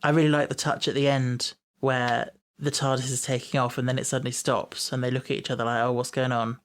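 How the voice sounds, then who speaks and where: A man's voice: mid-range voice, little pitch movement, fairly quick, fairly bright tone. A man hosting a podcast, chatting casually, musing aloud and laughing easily. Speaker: podcast host. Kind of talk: casual chat.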